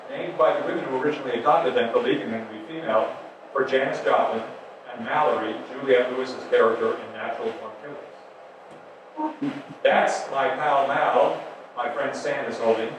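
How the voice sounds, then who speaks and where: A man's voice: mid-range voice, background noise. A middle-aged man telling personal stories on stage with wry, self-mocking asides. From Delaware. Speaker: solo stage performer. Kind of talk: personal storytelling monologue. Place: theater stage. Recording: echoey room from far off, music behind.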